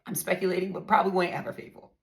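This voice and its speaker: Gravelly low-voiced woman, blunt. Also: level tone, racing. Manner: blunt, emphatic, talks straight to listeners. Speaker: podcast host. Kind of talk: candid storytelling monologue.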